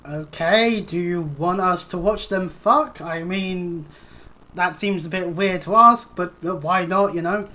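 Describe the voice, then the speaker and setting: A woman's voice: fairly low pitch, unhurried, sharp tone. A woman streaming a video game, chatting casually, joking and swearing freely as she plays.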